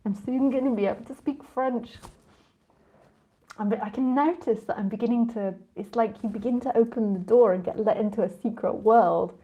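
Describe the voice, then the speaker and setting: A woman's voice: a little high, normal speed, slightly rough, narrow, tinny audio. A woman spiritual teacher in a casual live talk with listeners, rambling and chatty, often laughing and drifting off on tangents.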